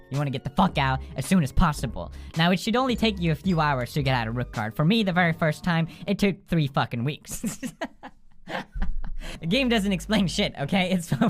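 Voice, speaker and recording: A young man hosting a gaming video, telling comic stories in a casual, profane, animated way and laughing often. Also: medium pitch. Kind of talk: casual comedic storytelling.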